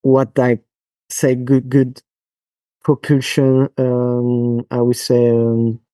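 He's a French-accented physiotherapist from France, guesting on a podcast and speaking haltingly with frequent fillers and restarts. The voice is medium-pitched, monotone and dark in tone, with no echo.

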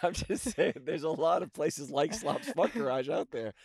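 High, gravelly man arguing deadpan. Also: moderate pace, a crowd in the background. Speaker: podcast co-host. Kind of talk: crude casual banter.

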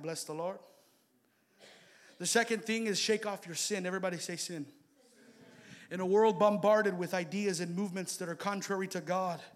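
A man preaching a sermon, swinging between shouted exhortation and quiet, close asides. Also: sits high.

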